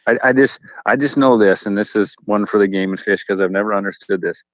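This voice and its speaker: Deep-ish guy guesting on radio, hesitant and jokey, muffled dry line. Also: brisk, dry recording. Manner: musing, hesitant, joking. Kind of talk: casual talk radio chat.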